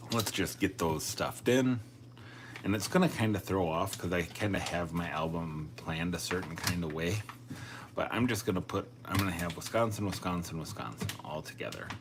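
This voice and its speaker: A man's voice: sits low, background noise. A man chatting casually on a live stream, thinking aloud and joking at his own expense. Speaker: coin collecting live streamer.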